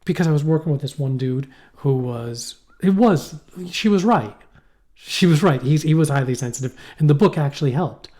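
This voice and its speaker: A man's voice: fairly high pitch, lively intonation, normal speed, mellow. Rambling, swearing man on a podcast. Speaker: podcast co-host. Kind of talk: casual chat.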